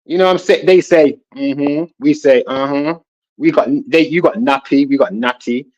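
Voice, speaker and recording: A man telling a long personal story in a casual panel talk, rambling and animated, often asking "you know what I'm saying". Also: a little high, a little fast. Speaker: guest. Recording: dull lo-fi sound.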